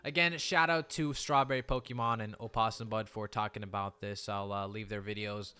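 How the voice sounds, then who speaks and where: A man's voice: lowish voice, steady tone, brisk, bright, forceful tone, clean tone. A man giving casual, emphatic commentary on the trading card market in a vlog, explaining with frequent restarts.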